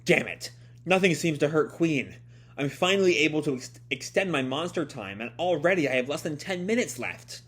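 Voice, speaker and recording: A worn-out little comic-book hero pushes on in a strained, defiant tone, read by a man in near his own voice. The pitch moves in lively swings. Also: moderate pace, breathy edge. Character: exhausted, frustrated small male hero.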